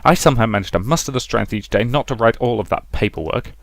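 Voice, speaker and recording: A man's voice: medium pitch, fast, no room sound, lightly acted. A man voicing a stern, contemptuous male major who scolds and mocks a subordinate. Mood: scolding. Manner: scolding, sarcastic, forceful.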